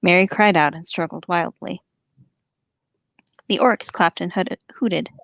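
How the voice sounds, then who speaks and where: A woman reads a long story aloud for her podcast, steady and engaged. Her voice has a gravelly fry at the edges, and the sound is dry and close with no room echo. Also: lowish voice, measured pace, highs cut off. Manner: animated, laughs easily. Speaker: podcast host and reader. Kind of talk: reading a novel aloud with commentary.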